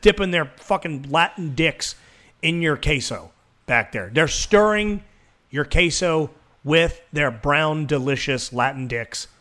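A man's voice: on the high side, a little slow. A man co-hosting a podcast, ranting casually with lots of swearing. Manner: profane, animated ranting. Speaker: podcast co-host. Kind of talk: casual chat.

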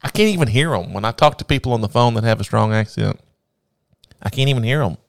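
A man's voice: mid-range voice, fast talker, creaky, dry recording, studio quality. A man co-hosting a casual podcast chat, talking in a laid-back, joking way. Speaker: podcast co-host.

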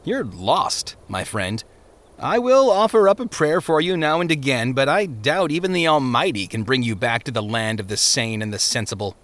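A man voicing a smooth-talking, condescending parson who brushes off worries breezily. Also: mid-range voice, animated, moderate pace, fairly bright tone, natural voice. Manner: breezy, dismissive, patronizing. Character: glib, condescending male parson. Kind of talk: storybook character voice.

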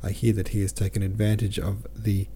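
A man voicing a stiff, pompous businessman suitor who speaks coldly and formally in a high sing-song. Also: little pitch movement, brisk, warm tone, a little hiss or hum, close to an everyday voice. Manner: formal and cold.

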